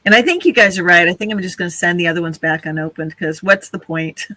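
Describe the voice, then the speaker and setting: Bright-voiced woman hosting a live stream. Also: on the low side, fast, rough recording. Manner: chatty, laughs often, talks to chat. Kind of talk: casual live stream chat.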